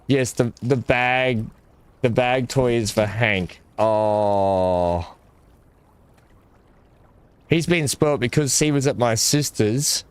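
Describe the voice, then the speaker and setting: A man's voice: medium pitch, slow, pauses often, no room sound. A man chatting casually while unboxing gifts, muttering asides and talking to his dog. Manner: muttering asides, frequent throat clearing. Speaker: gaming video creator.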